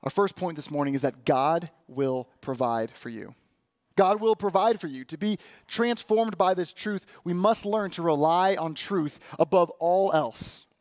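A man preaching a sermon, praying and reading scripture in an earnest, lively way. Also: a little high, measured pace, no echo, studio quality. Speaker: pastor.

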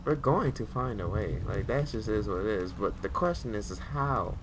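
A woman playing a horror video game and commenting, swearing at it, swinging from low mutters to loud yells. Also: lively intonation, normal speed. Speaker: gaming video host. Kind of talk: let's play commentary. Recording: game audio noise behind.

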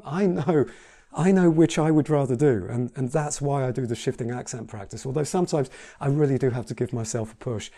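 A man's voice: mid-range voice, fairly quick. A man teaching piano in a casual tutorial, chatty and reassuring as he demonstrates at the keyboard. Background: piano playing.

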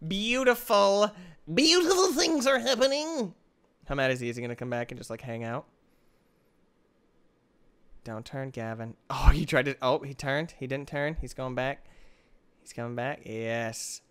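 A young man talks his way through a video game at a middle pitch, swinging from mutters to yelps as he trash-talks his friend. His commentary is casual, excitable and full of mock-drama. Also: normal speed, long pauses, clean tone. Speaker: gaming video host.

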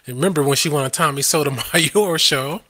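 A man with a husky, bright and edgy voice, pitched a little high for a man. He hosts a live stream, where he rants in a combative, scoffing way and often laughs at his own points. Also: brisk. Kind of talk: ranting live-stream commentary.

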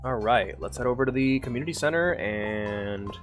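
A man's voice: mid-range voice, normal speed, soft background music. A man streaming a farming game, chatting casually, humming to himself, reading lines aloud and swearing freely. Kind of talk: casual gameplay commentary.

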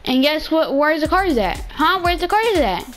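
A woman chatting casually while playing a video game, playful and excitable, often repeating herself. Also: high-pitched, moderate pace, faint music behind. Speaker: gamer streamer. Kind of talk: casual gaming chat. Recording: noisy game capture.

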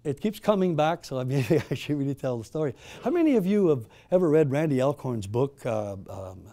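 A man's voice: medium pitch, very animated, a little fast, warm tone. A middle-aged man hosting a town hall, telling a story to a live audience with emphatic rhetorical questions and frequent restarts. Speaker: town hall host and moderator.

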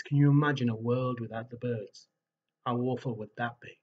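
A man telling a folk tale to families, animated and asking his listeners questions. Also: medium pitch, moderate pace, highs cut off. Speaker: storyteller. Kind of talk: live oral storytelling for families.

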